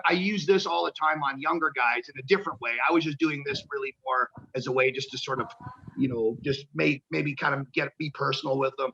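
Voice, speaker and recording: Gravelly, bright-voiced man telling wrestling stories. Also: medium pitch, highs cut off. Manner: animated storyteller who acts out quotes and swears casually. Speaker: guest, professional wrestler. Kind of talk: casual interview storytelling.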